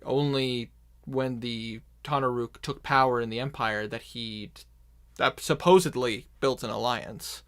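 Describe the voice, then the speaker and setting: A man's voice: mid-range voice, a little slow, fairly bright tone, clear, resonant tone. A man narrating a tabletop game as game master, rambling with frequent restarts.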